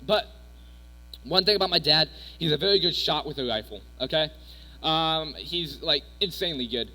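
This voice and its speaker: A youth speaker, a young man with a fairly high, bright, forceful voice and lively intonation, talks at normal speed. His youth sermon is casual and rambling, filled with personal stories and fillers. It was recorded in an echoey hall with mains hum.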